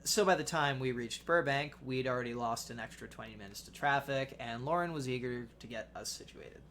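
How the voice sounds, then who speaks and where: A young adult man narrating a personal essay in a measured, wry storytelling manner. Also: medium pitch, a bit bright, slight background noise. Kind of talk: reading a personal essay aloud.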